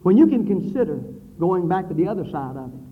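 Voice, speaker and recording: A man preaching a sermon with dramatic swings between loud declaiming and low, hushed passages. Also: big pitch swings, fast. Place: church building with brick wall. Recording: phone-like thin sound in a reverberant hall.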